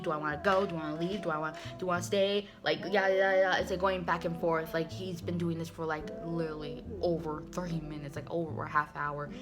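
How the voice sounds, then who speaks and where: A woman hosting a casual comic recap, talking in a chatty, animated way with many fillers. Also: on the low side.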